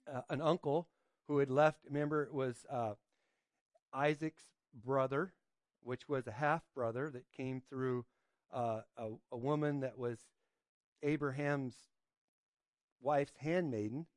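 A man's voice: fairly high pitch, dry recording, clean studio sound. Man preaching a casual, chatty sermon. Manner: informal, asks the listeners questions, keeps adding "right?"; hesitant, with frequent fillers and restarts. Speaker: pastor. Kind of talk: conversational sermon with scripture reading.

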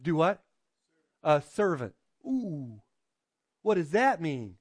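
High-voiced man preaching conversationally. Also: very animated, takes it slowly, no room sound. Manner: conversational preaching, frequent "right?" checks with the congregation; acts out quoted voices with drops in pitch. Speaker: pastor. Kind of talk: sermon.

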